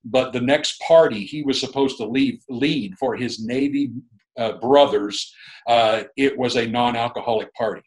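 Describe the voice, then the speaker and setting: A man's voice: mid-range voice, unhurried, low-quality recording. A middle-aged man, a guest minister, telling a long story in a rambling, chuckling, casual way with many restarts.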